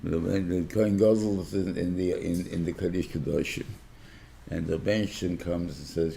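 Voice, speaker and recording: An older man, a rabbi giving a Torah class lecture, talking haltingly with many repeated words and acting out little dialogues. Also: deep voice, steady tone, vocal fry, dark tone, slight background noise. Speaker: rabbi teaching a weekly class.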